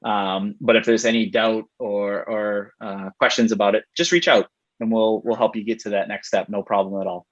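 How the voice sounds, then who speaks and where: A man with a lowish voice explains things casually as a webinar panelist. His audio is dull and muffled, and the sound is dry with no room echo. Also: steady tone, normal speed.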